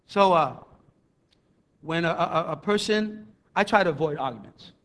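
A man preaching a sermon as a minister, halting and repeating words as he reads scripture slowly. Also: fairly high pitch, animated, fairly bright tone.

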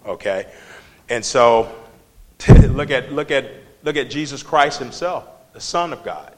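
A man's voice: mid-range voice, expressive, measured pace. Male Bible study teacher, emphatic and conversational, quizzing the class, with a long hall echo. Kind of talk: preaching Bible study lesson.

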